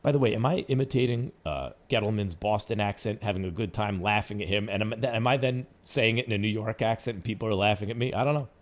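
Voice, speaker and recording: A man's voice: on the low side, fast, hardly any pauses. A man hosting sports talk radio, arguing his points with mocking asides in a studio. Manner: animated, argumentative, mocking asides.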